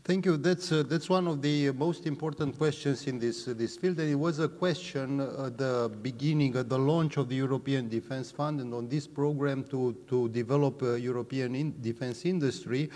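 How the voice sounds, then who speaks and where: A man of ordinary pitch answers at a public panel, pausing often and restarting with filler sounds. His voice carries the long reverb of a large hall. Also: dark tone. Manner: hesitant, many uh fillers and restarts. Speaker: panel guest, policy expert.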